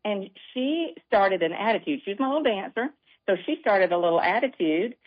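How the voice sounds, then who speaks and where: Southern grandma telling stories, lo-fi. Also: female voice, medium pitch, lively intonation, a little fast. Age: older. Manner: warm storytelling. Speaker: guest author. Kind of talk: casual chat. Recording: dull lo-fi sound.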